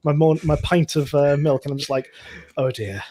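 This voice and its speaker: A man's voice: a little high, level tone, brisk, dark tone, a little hiss or hum. A man co-hosting a show, explaining the rules of a challenge in a rambling, chatty way with many fillers. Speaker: co-host. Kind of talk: casual chat.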